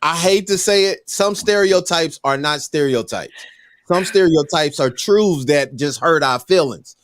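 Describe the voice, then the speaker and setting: A man's voice: on the high side, unhurried, no room sound, clean studio sound. A man, a podcast co-host telling stories in casual chat with emphatic, preachy conviction.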